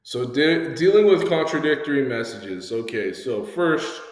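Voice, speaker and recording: A man's voice: mid-range voice, a little slow. A man teaches young listeners, telling a story from his childhood with plenty of energy and playing each character's voice. His voice sits in a middle range. It rings out in a roomy hall with a long, lingering reverb. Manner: animated storyteller who acts out voices. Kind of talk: lesson with a personal story.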